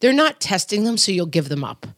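A middle-aged woman co-hosting a parenting podcast in casual chat, telling lively stories and acting out her kids' voices. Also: medium pitch, a little fast, no echo, clean studio sound. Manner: animated storyteller, acts out kids' voices. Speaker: podcast co-host.

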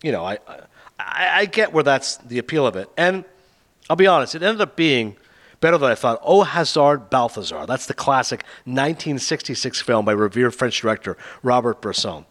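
A man hosting a casual chat, retelling film plots and reviews with an animated, sarcastic manner. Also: medium pitch, normal speed. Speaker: podcast host reviewing films.

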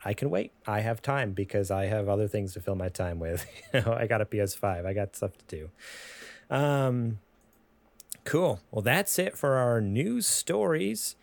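Lower-voiced man hosting a chatty show. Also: lively intonation, creaky, no echo. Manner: jokey, rambling, halting restarts. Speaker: podcast host. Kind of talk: casual chat.

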